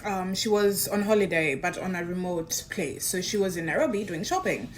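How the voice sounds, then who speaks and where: A woman's voice: moderate pace, a little hiss or hum. A woman telling a personal story in a casual way, acting out the lines of the people she quotes. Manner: animated, acts out quoted dialogue with big pitch jumps. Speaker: guest recounting a personal story.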